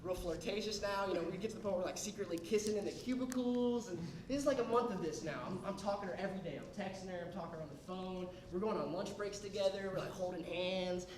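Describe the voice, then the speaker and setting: A man's voice: high-pitched, fast, hardly any pauses, a crowd in the background. A young man doing stand-up, telling a story and acting out what people said. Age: young adult. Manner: animated, acts out quotes of others. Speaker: stand-up comedian. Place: comedy club stage. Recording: roomy club sound from a distance, audience laughter. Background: audience laughing.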